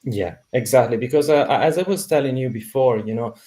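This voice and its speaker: A man's voice: medium pitch, fairly quick, dark tone. A man with an Italian accent, speaking as a podcast guest in a hesitant way, with many fillers and restarts. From Italy. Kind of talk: conversational interview.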